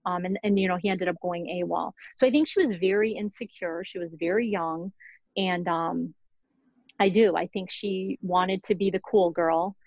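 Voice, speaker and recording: A woman's voice: fairly low pitch, moderate pace, no echo. Woman podcast host, chatty and giggly, kinda muffled lo-fi mic. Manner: chatty, many fillers and giggles. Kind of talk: casual true-crime chat.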